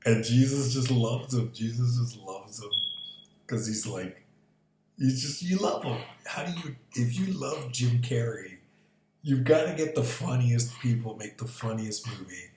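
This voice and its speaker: A man's voice: mid-range voice, lively intonation, measured pace, warm tone. Rambling man vlogging in an echoey room. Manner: rambling, profane, chuckles at his own ideas. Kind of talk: casual rambling monologue. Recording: echoey room with faint background noise.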